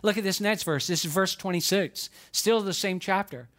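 A man's voice: high voice, moderate pace, a bit bright. A man preaching a sermon, folksy and storytelling, with emphatic rises. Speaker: pastor. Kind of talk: sermon with humorous stories.

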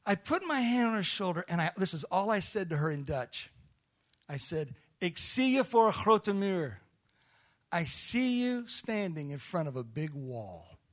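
A man from Illinois preaching a sermon, telling a story that swings from hushed, quiet passages to loud shouting. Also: sits high, very animated, unhurried. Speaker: missionary preacher.

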